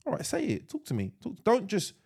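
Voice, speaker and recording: A man co-hosting a podcast, his voice set slightly high and swinging widely up and down. He rambles, restarts his sentences and drops slang as he goes. The talk stays casual and unscripted. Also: wildly swooping pitch, fairly quick, gravelly, dark tone, slightly rough. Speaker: podcast co-host. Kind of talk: casual chat.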